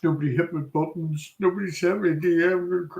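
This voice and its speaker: A man hosting a casual online chat, excitable and quick to tease. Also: fairly high pitch, gravelly, reverberant, highs cut off. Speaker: host.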